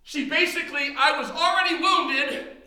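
A man's voice: very high voice, moderate pace, sharp tone. A man preaching a personal testimony sermon in a church, emphatic, repeating words as he builds. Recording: very echoey hall.

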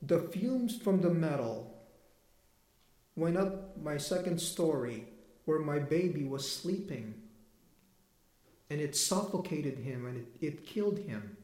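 Slow and full of pauses, a preacher with a slightly high, expressive, darkish voice gives a conversational sermon in an echoey room. He recounts a personal story, quotes people, and laughs as he moves between points.

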